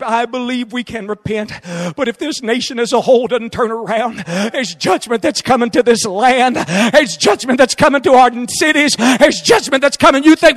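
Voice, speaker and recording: A man preaching a revival sermon, fiery and shouting in a repetitive cadence. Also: very high-pitched, normal speed, few pauses.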